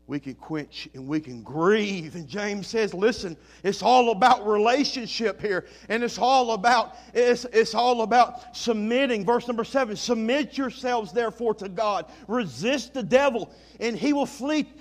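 Guy preaching a sermon, high voice, goes from loud to hushed a lot. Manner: swings from loud emphatic lines to low quiet ones; reads scripture in old-fashioned wording.

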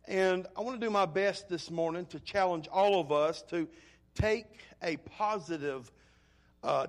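A man with a notably high voice preaches a sermon to his congregation. He speaks earnestly, leaning on repeated words and stressing key points.

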